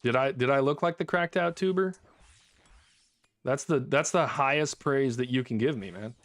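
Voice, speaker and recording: In a medium-pitched, fairly bright voice at normal speed, a male streamer chats with his viewers as he plays a video game, laughing in mock frustration from time to time. There's no echo on this live commentary.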